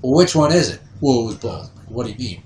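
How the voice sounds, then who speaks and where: A man in his thirties tells stories casually on a podcast, his pitch swinging wide as he acts out other people's voices. He sits back from the mic, and the room adds a noticeable echo. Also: expressive, quick pace, darkish tone, slight background noise. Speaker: podcast host. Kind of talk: casual storytelling. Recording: roomy sound, voice distant from the mic.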